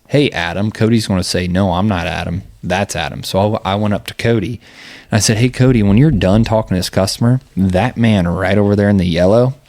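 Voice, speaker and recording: A man's voice: low voice, a little mellow. A man in his thirties hosting a casual podcast chat, telling stories and laughing often. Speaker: podcast host.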